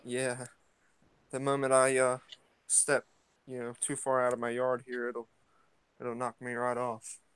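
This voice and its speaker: A man hosting a morning chat vlog talks in a clean, mid-range voice at a measured pace, leaving long pauses. Relaxed and rambling with many fillers and restarts, he steps out of his home into the yard; the low-quality recording has no room sound.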